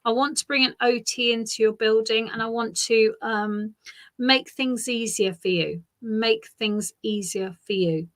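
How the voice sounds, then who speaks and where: Woman, psychic reader, bright forward tone, gentle reassuring delivery, soft repeats. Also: a little high. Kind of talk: live psychic reading.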